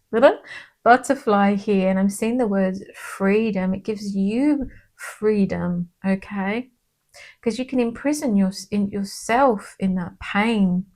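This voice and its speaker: Reading tarot cards in an easygoing way, a woman speaks at medium pitch with a gentle, comforting manner, regularly checking in with "okay?"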